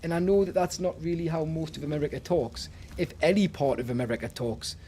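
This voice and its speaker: A man's voice: on the high side, a little fast, dark tone, a little hiss or hum. A man with a Northern English accent chatting casually on a live stream, greeting viewers and laughing often.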